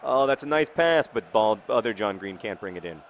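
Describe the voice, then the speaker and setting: A man's voice: fairly low pitch, expressive, brisk, a little hiss or hum. Rambling, wry man commenting a game. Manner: rambling, wry, mock-outraged asides. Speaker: video game player and commentator. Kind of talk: casual let's-play commentary.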